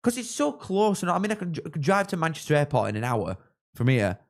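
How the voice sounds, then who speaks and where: A young man chatting casually on a live football watchalong, rambling and thanking viewers, with sudden excited shouts. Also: a little high, quick pace, creaky. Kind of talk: casual live-stream chat with match reactions.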